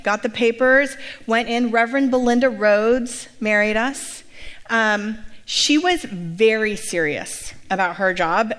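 Woman pastor telling a lively story. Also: a little high, big-room sound. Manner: lively storytelling, acting out quoted voices. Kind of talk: personal testimony talk.

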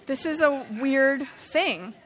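A woman's voice: high-pitched, animated, slow, fairly bright tone. A woman teaching a casual Bible study, chatty and playful, often turning to her listeners with questions.

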